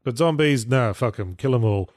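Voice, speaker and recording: A man's voice: mid-range voice, lively intonation, moderate pace, a little mellow, no room sound. A man co-hosting a podcast in casual chat, dry and sardonic. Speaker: podcast co-host.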